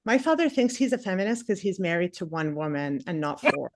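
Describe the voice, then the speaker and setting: A woman's voice: lowish voice, brisk, dry recording. Self-mocking woman doing stand-up. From Palestinian family. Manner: chatty, self-mocking, animated asides. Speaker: stand-up comedian. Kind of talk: stand-up comedy set. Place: comedy stage before a live audience.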